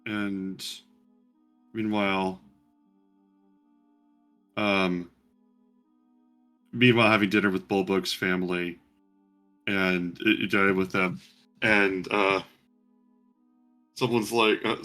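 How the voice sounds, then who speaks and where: Man, game master, rambling narration, bright timbre, faint background music. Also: low-pitched, takes it slowly, pauses often. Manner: relaxed, rambling narration with fillers.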